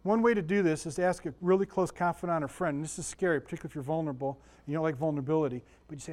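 A man's voice: fairly high pitch, rapid-fire, few pauses, darkish tone. A man giving a casual, folksy Bible lesson, often asking his listeners questions and telling stories. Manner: folksy, chatty, asks the room questions. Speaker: Sunday school teacher.

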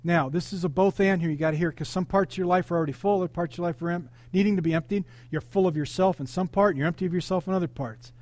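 A male pastor delivering an animated sermon, calling out questions to the congregation and telling personal stories. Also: sits high, rapid-fire, hardly any pauses. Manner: animated, interactive preaching with congregation call-outs.

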